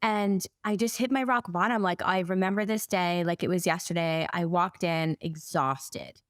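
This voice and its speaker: A woman in her forties speaks as a guest in a podcast conversation, telling her story with lively energy. She often acts out what she said and thought back then. The sound is dry and close. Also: fairly low pitch, moderate pace, no room sound. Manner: animated storyteller who acts out her own past words. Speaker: guest, business coach for therapists. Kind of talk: casual podcast interview.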